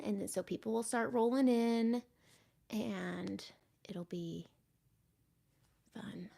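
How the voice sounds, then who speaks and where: A woman hosting a makeup livestream, chatting casually with viewers and drifting into soft muttered asides. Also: medium pitch, creaky.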